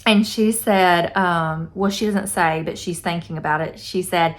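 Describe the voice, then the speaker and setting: A woman's voice: on the low side, fairly even intonation, a little slow, hardly any pauses. A young woman in a casual book review vlog, chatty and effusive, reading passages aloud. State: teary-eyed. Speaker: book vlogger.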